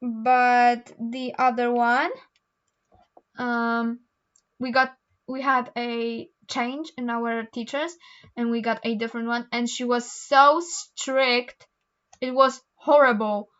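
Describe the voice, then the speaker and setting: A woman's voice: on the high side, little pitch movement, takes it slowly, fairly bright tone, clear, resonant tone, dull audio. A teenage girl with a Polish accent, rambling casually through homework with lots of ums and restarts. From Poland. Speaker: vlogger. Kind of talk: casual chat while doing homework.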